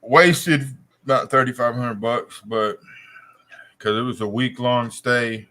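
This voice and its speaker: A man's voice: mid-range voice, fairly even intonation, slow pace, pushed and bright. A man telling a long profane story on a casual podcast, with a loose, drawling delivery. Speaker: co-host.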